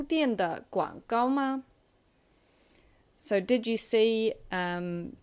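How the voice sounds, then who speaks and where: A woman's voice: fairly high pitch, very slow, pauses often, darkish tone, smooth. A woman teaching a vocabulary lesson, patiently explaining each word and modelling the tones. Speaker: Chinese language teacher.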